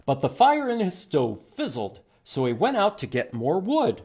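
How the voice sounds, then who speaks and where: A man reading a picture book aloud to children as a librarian, animated and stopping to ask them questions. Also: fairly high pitch, moderate pace, husky. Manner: animated, asks the listeners questions.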